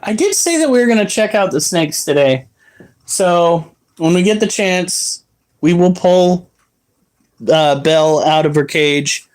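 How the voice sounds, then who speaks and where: A man's voice: high-pitched, lively intonation, measured pace. A young man chatting casually on a live stream, rambling and explaining how to care for his exotic pets.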